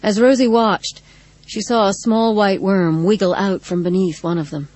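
A woman narrating a dark story in a measured, dramatic reading. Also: medium pitch, steady tone, no room sound, rough recording. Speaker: audiobook narrator. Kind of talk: scripted narration.

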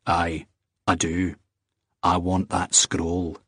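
A man reading aloud, voicing a blunt, stern man with a Scottish accent and low, deliberate menace. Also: monotone, a bit bright, husky, no room sound, clean studio sound, heavily acted.

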